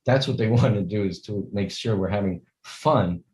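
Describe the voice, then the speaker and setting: An older man with a fairly low voice and a mellow tone, talking as an interview guest. He speaks earnestly and rambles in long stretches. He acts out the lines he quotes. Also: moderate pace, low-quality recording. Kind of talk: conversational interview.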